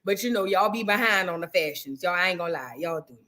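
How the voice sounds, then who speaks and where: A woman hosting a casual reaction livestream, rambling in slang, reading chat and shouting out viewers. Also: lowish voice, lively intonation, fast talker.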